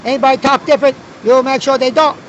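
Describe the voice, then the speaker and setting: A man mimicking a preachy communist zombie who barks short, broken-English orders in a high, strained voice. His delivery is flat-out dogmatic and mocking. The recording is slightly muffled, with faint city noise outdoors. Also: fast.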